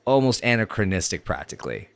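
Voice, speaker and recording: A man's voice: fairly low pitch, big pitch swings, fast talker, gravelly, no room sound. A man co-hosting a podcast, chatting casually and enthusiastically, thinking aloud and rephrasing as he goes. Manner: thoughtful, enthusiastic, circles back on phrasing. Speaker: podcast co-host. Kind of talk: casual chat reviewing a sitcom episode.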